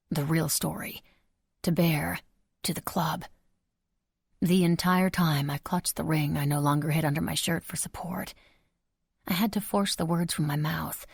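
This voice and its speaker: Low, husky woman narrating an audiobook. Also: a little mellow, no room sound. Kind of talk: first-person audiobook narration. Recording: dry close recording.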